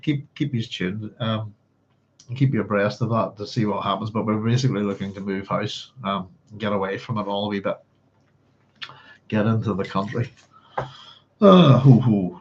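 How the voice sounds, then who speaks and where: A man's voice: on the low side, darkish tone. A man hosting a book club livestream, chatting in a rambling, casual way. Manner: rambling, chatty, hums to himself. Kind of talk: casual livestream chat and reading. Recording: slightly dull lo-fi stream audio.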